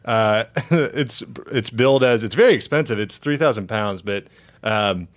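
A man's voice: fairly low pitch, measured pace. A man co-hosting a casual comedy podcast, laughing often and reading stories aloud. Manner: laughs often, reads news aloud with mock voices. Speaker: podcast co-host.

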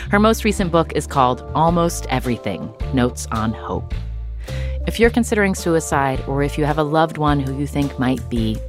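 A woman podcast host asking measured, deliberate questions and reading a scripted outro. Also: low-pitched.

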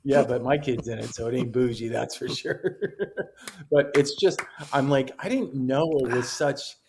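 A middle-aged man, a caddie co-hosting a podcast, telling stories in an excitable, rambling casual chat. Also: medium pitch, unhurried, noisy background. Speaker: caddie and co-host.

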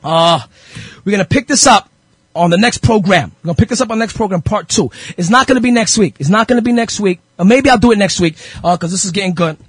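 A man's voice: high voice, fast talker, breathy edge, dry recording. A male radio host preaching fervently, repeating phrases and firing rhetorical questions at his listeners. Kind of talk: impassioned radio sermon.

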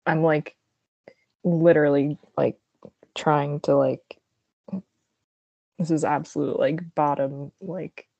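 A young woman with a low, gravelly voice talks in a relaxed, rambling way, full of "like" and "um". The sound is dry and close. It is also dull and lo-fi. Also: slow pace, pauses often, no room sound. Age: young adult. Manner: relaxed, lots of "like" and "um". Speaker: podcast co-host. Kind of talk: casual chat. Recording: dull lo-fi audio.

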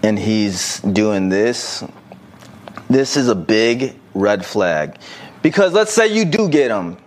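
Man, podcast host, slightly low voice, blunt, animated, swears a lot, casual chat. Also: slow. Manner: blunt, animated, swears freely, gives frank advice. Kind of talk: casual podcast chat, reading listener messages.

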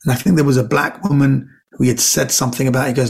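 A man telling comic anecdotes in a lively way, acting out the people he quotes. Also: mid-range voice, fast, creaky. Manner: lively storyteller who acts out quoted voices. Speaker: comedian guest.

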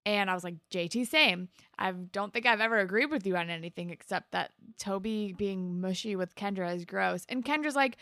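Young woman, gravelly edge, bright tense tone, casual podcast chat. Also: normal speed, hardly any pauses, dry recording, clean studio sound. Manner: animated, jumps to high pitch when quoting. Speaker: podcast co-host.

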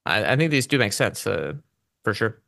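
A man's voice: fairly low pitch, very animated, normal speed, gravelly, sharp tone, dry recording, studio quality. A man co-hosting a casual investing show, thinking aloud and repeating words as he talks. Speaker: podcast co-host.

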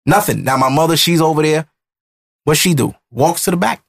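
A man's voice: fairly high pitch, a little fast, creaky. Heated man in his thirties telling a story. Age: 30s. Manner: emotional, animated retelling with acted-out quotes. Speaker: podcast host. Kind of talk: casual storytelling chat.

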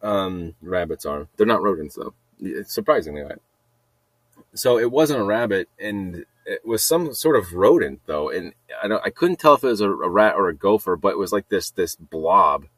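A man's voice: deep voice, lively intonation, normal speed, fairly bright tone, no echo, rough recording. A man hosting a solo podcast, telling a rambling story, repeating himself and swearing often. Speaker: podcast host.

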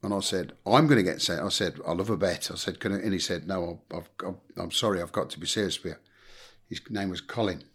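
This former football manager, a middle-aged Englishman, has a deep, husky voice that's a touch bright and fairly quick. Chatting casually with an interviewer, he swears, performs the quotes himself and delivers his anecdotes bluntly.

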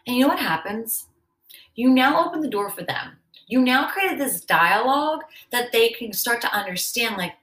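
A woman's voice: a little high, lively intonation, moderate pace, fairly bright tone. A woman hosting a self-help podcast, talking casually and acting out short quoted conversations as she goes. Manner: conversational, acts out little quoted dialogues. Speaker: podcast host. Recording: echoey room.

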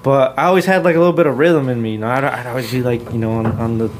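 A man's voice: medium pitch, fairly even intonation, very fast, a little hiss or hum. A man in his twenties telling laid-back stories in a casual chat, mixing in Spanish and swearing freely. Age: 20s. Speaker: guest musician.

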